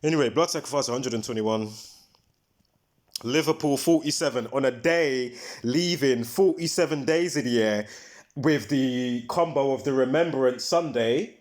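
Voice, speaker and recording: A man's voice: mid-range voice, moderate pace, a little mellow. A man hosting a casual livestream, talking in a rambling, emphatic way and breaking off mid-thought to recall details. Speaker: livestream host.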